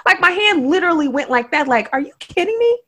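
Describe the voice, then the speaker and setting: A woman from Oakland with a Bay Area accent, co-hosting a podcast and telling a story in an emphatic, animated way. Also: very high voice, fast talker. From Oakland, California. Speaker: podcast co-host. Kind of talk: casual storytelling chat.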